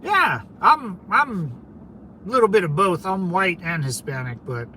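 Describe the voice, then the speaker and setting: High, lively-voiced man chatting on stream. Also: a little slow, a little hiss or hum. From California. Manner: rambling, conversational, peppered with "man" and "dude". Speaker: livestream host. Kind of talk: casual livestream chat answering viewers.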